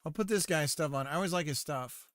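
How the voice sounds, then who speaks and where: A man's voice: fairly high pitch, fast talker, a bit bright, no room sound, studio quality. A man chatting casually and playfully to his live-stream audience, rambling as he goes. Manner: rambling and playful, talking to chat while eating.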